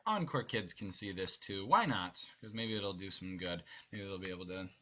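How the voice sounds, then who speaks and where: Bright-voiced man directing an online rehearsal. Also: low-pitched, lively intonation, moderate pace, highs cut off. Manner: upbeat, instructive, briefly acts out lines. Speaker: theater director. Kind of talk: online rehearsal blocking instructions. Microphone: video call.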